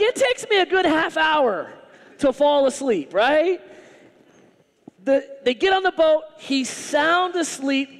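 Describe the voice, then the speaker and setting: A male pastor preaching a sermon in an animated, humorous, conversational way. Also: very high-pitched, big-room sound.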